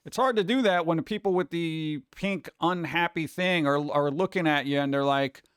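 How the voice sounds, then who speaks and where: Male streamer, casual and animated, clear resonant tone, dry close mic. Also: fairly high pitch, normal speed, dry recording. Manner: animated, chatty, slips into mock voices. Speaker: streamer host. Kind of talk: casual chat with viewers.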